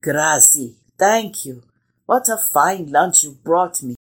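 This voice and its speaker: Lady doing gentle old storyteller grandpa, slow and husky, teasing the kids. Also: low-pitched, expressive, full character voice. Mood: warm. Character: kindly old male village storyteller.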